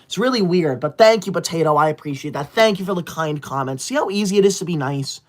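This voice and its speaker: A woman's voice: fairly low pitch, animated, quick pace. Bossy woman scolding her livestream chat. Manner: bossy, indignant, scolds chat with sudden shouted outbursts. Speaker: livestream host. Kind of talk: casual livestream chat, reading super chats.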